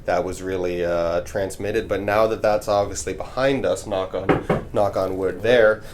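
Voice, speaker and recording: A man hosting as a chiropractor, chatting with a patient and explaining the treatment in a relaxed, upbeat way. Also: low voice, measured pace, a little hiss or hum. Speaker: chiropractor, host. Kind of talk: casual chat with explanation.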